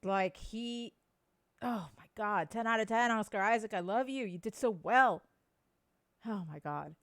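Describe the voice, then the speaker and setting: A woman's voice: mid-range voice, unhurried, no room sound. Woman, podcast co-host, casual chat, gushing, enthusiastic, dry close sound.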